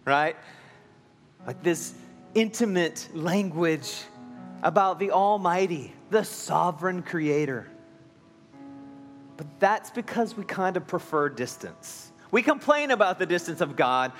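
Pastor preaching in a ringing hall. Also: male voice, sits high, animated, normal speed, soft background music. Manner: earnest, shifting between emphatic and quiet. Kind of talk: sermon.

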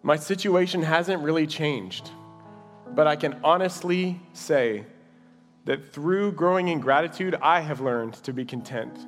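Man preaching, earnest and personal, slightly high voice, echoing church hall. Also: measured pace. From Dallas. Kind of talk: sermon and closing prayer. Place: church sanctuary. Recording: reverberant hall with music behind.

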